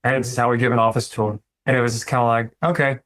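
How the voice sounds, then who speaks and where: A man, a dentist talking through running his practice in a relaxed, reflective way and acting out conversations with his staff. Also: medium pitch, rapid-fire. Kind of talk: casual interview talk.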